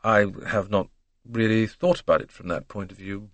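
A man's voice: on the low side, fairly even intonation, moderate pace, no room sound, natural voice. A man voicing a cool, composed young Englishwoman. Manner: cool, brief, composed replies. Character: calm, reserved young Englishwoman.

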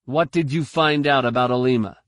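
A man's voice: medium pitch, a little fast, no echo, studio quality, voice pushed up, natural voice. A man voicing a curt, cool-headed male pilot, clipped and cutting.

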